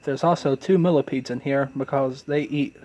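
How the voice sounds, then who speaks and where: A man's voice: mid-range voice, normal speed. Congested man chatting about his pets. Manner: relaxed, chatty, apologetic asides. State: congested from illness. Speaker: pet keeper filming his animals. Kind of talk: casual narration while filming. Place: home, dimly lit room with tanks.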